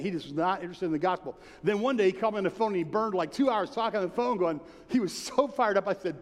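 A man preaching a sermon with earnest, animated delivery and many rhetorical questions. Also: high-pitched, quick pace, few pauses. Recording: long hall reverb.

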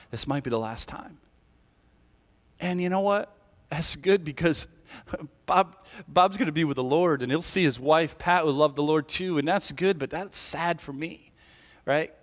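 A male pastor delivers a loose, conversational sermon, tossing "right?" to his listeners. His voice sits a little high. A long reverb trails behind him, as in a church sanctuary. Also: moderate pace. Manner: chatty, keeps asking "right?".

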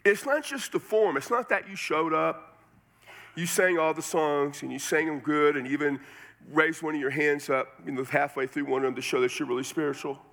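Man, pastor, sermon, bright tense voice, fairly high, conversational and joking. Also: moderate pace, creaky. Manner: conversational, joking preaching with sudden emphatic drops.

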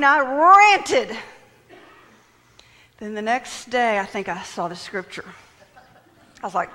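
A woman's voice: mid-range voice, expressive, slow pace, long pauses, sharp tone, a little hiss or hum. A woman preaching a sermon who acts out the prayers she quotes and drops some lines to a near whisper. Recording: long reverb of a large hall.

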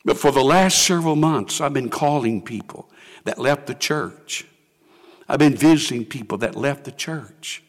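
A man's voice: medium pitch, moderate pace. An older man, preaching a sermon as pastor and acting out people's prayers in quoted voices. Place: church sanctuary. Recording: long hall reverb.

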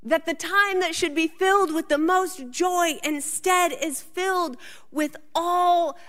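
A woman in her thirties preaching a sermon, telling a personal story and building to emphatic, animated lists. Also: extremely high pitch, slow, long reverb tail. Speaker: pastor.

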